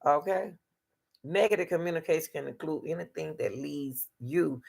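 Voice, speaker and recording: A woman's voice: deep voice, moderate pace, gravelly, darkish tone. A woman hosting a casual advice talk on relationships, emphatic and repetitive, speaking straight to her listeners.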